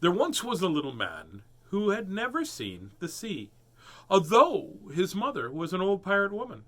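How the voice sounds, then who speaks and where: A playful man hosting a casual online storytime and reading a picture book aloud. His voice sits a little high and swings widely, bright and bouncy. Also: wildly swooping pitch, normal speed. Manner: playful, jokey. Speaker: storybook reader host.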